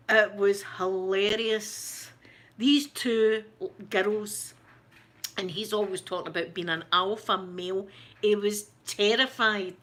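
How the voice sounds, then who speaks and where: A Scottish woman chatting casually on a livestream, telling gossipy stories with a lot of laughter. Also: mid-range voice. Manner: animated, gossipy storytelling with lots of laughter. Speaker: ASMR YouTuber answering live chat.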